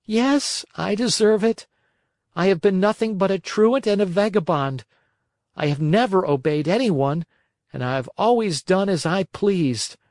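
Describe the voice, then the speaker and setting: A man's voice: high-pitched, expressive, measured pace, darkish tone, dry recording, clean studio sound, voice pushed up. A man voicing a small wooden puppet boy who speaks in a weak, pleading, self-reproaching voice. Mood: remorseful.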